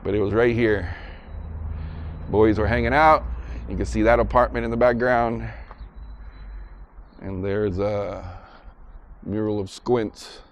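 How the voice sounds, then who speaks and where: A man's voice: lowish voice, slow, long pauses, a little hiss or hum. A man casually narrating a vlog outdoors, chatting as he walks through a parking lot and ballpark with a handheld camera. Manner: relaxed, chatty, retells scenes as he walks. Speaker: vlogger visiting filming locations.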